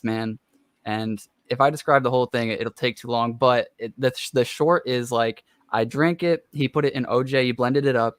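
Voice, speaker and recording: A man hosting a podcast, telling a long personal story in an excited, rambling way full of fillers. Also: medium pitch, smooth, no room sound, clean studio sound. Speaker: podcast host. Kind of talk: casual chat.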